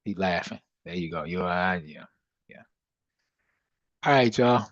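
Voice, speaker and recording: A man's voice: low-pitched, unhurried, a bit bright, dry recording, highs cut off. A man hosting a live trading stream, chatting casually and reading the chat aloud. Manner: laid-back, chatty, reads chat aloud. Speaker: livestream trading host.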